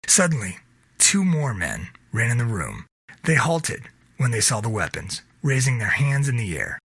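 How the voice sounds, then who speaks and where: Man reading a novel aloud, husky, bright, lively pitch, dry close recording. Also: normal speed, no room sound. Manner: steady storytelling read. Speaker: narrator.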